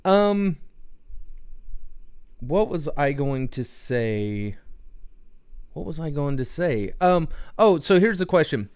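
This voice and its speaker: A man's voice: a little high, clean tone. A man hosting a casual livestream, rambling and talking straight to viewers in the chat with questions. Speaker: livestream host.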